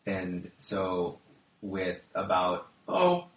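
A man running a tabletop game as game master, chatting casually with his players, laughing often and pausing on fillers. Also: low voice, very animated. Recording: dull lo-fi sound in an echoey room.

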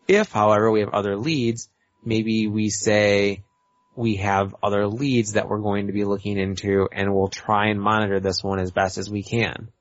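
A man's voice: lowish voice, fairly even intonation, moderate pace, no room sound. A man playing a tabletop role-play game, talking his plans through at length. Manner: talkative, thinks aloud and plans. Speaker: player. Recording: dull, lo-fi audio.

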